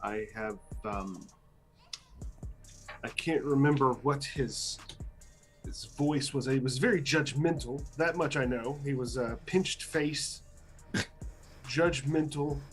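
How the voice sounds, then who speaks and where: A man playing a tabletop role-playing game, describing his character in a relaxed, rambling way over a voice call. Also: medium pitch, slow, long pauses, faint music behind. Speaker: player. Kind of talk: casual tabletop chat.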